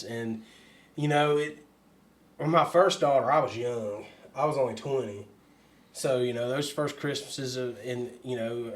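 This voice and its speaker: A man co-hosting a podcast, speaking reflectively in a casual chat and laughing often. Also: mid-range voice. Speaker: podcast co-host.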